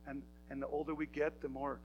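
Emphatic male pastor with a higher voice. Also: flat delivery, brisk, highs cut off, a little hiss or hum. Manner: emphatic, conversational preaching. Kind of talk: sermon. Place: church.

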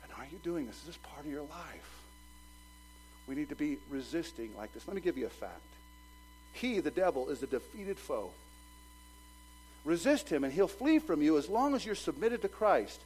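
A male pastor preaching a sermon, swinging from loud urging to low, quick asides. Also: big pitch swings, slight background noise, poor audio.

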